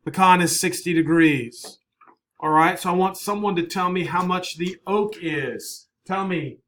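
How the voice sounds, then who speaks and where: Male math teacher, bright tense voice, slightly high, brisk, coaxing, echoey classroom sound. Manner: brisk, coaxing, checks in with "all right?". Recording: echoey classroom, faint noise.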